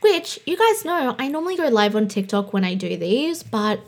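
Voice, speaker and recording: A woman's voice: on the high side, very animated, normal speed. A woman of thirty with a slight lisp, hosting a casual solo podcast in a bubbly, chatty way. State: slight lisp from new aligners. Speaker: podcast host and coach.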